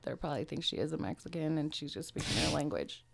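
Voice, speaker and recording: Woman stand-up, 30s, low gravelly register, salty and animated on a podcast. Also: quick pace, a crowd in the background. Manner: profane, animated storyteller who acts out other people. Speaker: stand-up comic, podcast guest. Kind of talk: casual chat.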